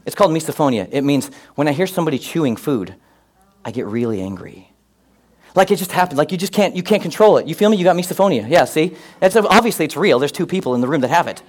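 A man preaching a sermon, mixing scripture with comic personal stories and getting loud and animated at times. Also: fairly high pitch, quick pace. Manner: animated, comic asides, rising to near-shouts. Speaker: pastor.

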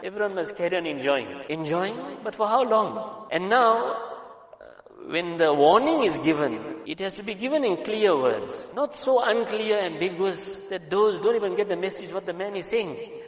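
A man preaching a sermon in earnest, emphatic style, swinging between soft words and loud ones. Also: sits high, animated, normal speed. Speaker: Islamic preacher. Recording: echoey hall with long reverb.

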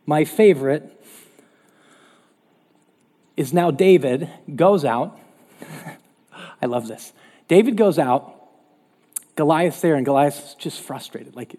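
A male pastor preaching a lively, conversational sermon. His voice is somewhat high, husky and mellow, and it swings up and down. A long hall reverb trails after his words. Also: slow pace, pauses often.

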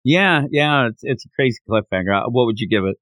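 A man's voice: mid-range voice, fairly quick, no room sound. A man hosting a podcast, retelling a manga chapter in casual chat and acting out the characters. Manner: animated storyteller, acts out the characters' lines. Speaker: podcast host.

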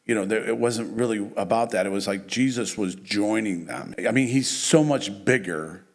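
A man's voice: lowish voice, moderate pace. Reflective man in casual chat. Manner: joking, reflective, restarts often. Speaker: podcast co-host.

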